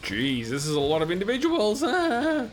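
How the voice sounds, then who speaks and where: Animated Australian man chatting on stream. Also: high-pitched, moderate pace, soft background music. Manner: chatty, answers chat comments between gameplay. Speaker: livestream host. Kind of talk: casual live-stream chat with viewers.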